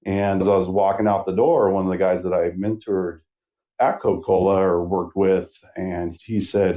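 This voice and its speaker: Man, middle-aged, from Northern California, deep voice, dark tone, relaxed rambling podcast guest. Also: moderate pace, dull audio. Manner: relaxed, rambling storyteller with many fillers. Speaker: manufacturer sales rep, guest. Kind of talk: casual podcast interview.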